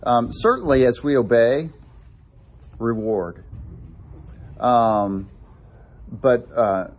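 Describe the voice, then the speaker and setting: A man preaching a sermon, telling animated personal stories with many restarts. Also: mid-range voice, very slow. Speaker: pastor.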